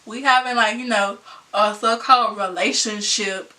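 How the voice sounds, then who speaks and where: A young woman vlogger telling a storytime in a casual, slangy way, animated and laughing often. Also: fairly high pitch, normal speed, recorded from a distance.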